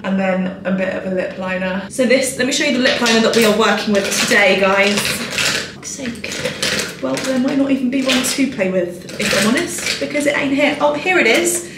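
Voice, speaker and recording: A woman's voice: mid-range voice, noisy background. Woman, 20s, lifestyle vlogger. Bubbly, chatty, swears casually. Roomy hotel room, mic slightly distant. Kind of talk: casual chatty vlog talk to camera.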